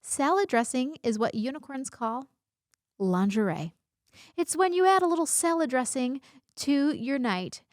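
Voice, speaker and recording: A woman in her thirties hosts her own casual vlog, speaking straight to the camera. Her voice sits a little high, and her delivery is bubbly and playful, full of jokey asides. The sound is close and dry, with almost no room echo. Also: animated, measured pace. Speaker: vlog host. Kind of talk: casual talking-head vlog.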